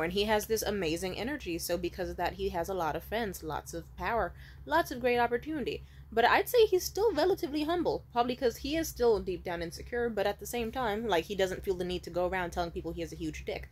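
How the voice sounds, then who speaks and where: A young woman talking to camera in a casual vlog. She is blunt and profane, and she swings between loud bursts and low asides. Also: very animated, brisk, slight background noise. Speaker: vlogger. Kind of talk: casual candid monologue.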